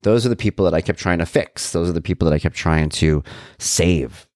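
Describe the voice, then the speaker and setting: In studio-quality audio without echo, a middle-aged vlogger speaks in a low, slightly mellow voice at a fairly quick pace. He confides earnestly in viewers, reflecting on his life and sharing advice in a personal monologue.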